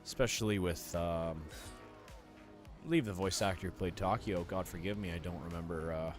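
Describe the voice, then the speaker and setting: Male gaming commentator with a deep voice. Relaxed, self-deprecating play-by-play, with clear music behind him. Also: normal speed. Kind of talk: casual gameplay commentary.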